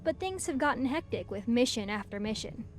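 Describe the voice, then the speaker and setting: A woman's voice: a little high, lively intonation, brisk, natural voice. A woman voicing a friendly young female tech specialist in a game, speaking in an easygoing, chatty way. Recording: game audio with music behind.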